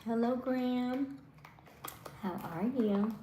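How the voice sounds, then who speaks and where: A woman hosting a live stream, chatting casually with viewers in a soft voice that trails off at the ends of words. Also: on the high side, slow, roomy sound, slight background noise. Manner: chatty, many fillers.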